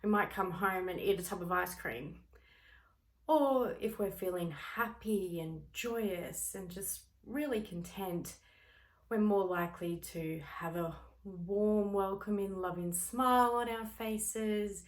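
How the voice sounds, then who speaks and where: Expressive woman giving a motivational talk. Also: mid-range voice, takes it slowly. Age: adult parent. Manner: expressive, acts out everyday scenes. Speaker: speaker on personal growth, works with clients.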